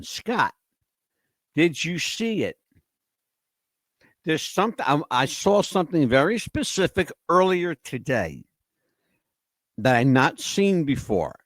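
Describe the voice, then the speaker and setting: A man's voice: on the high side, dry recording. A man hosting a casual podcast, talking straight to his viewers, asking question after question and often repeating words as he goes. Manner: animated, questioning, addresses chat by name. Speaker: podcast host. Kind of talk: casual livestream talk to viewers.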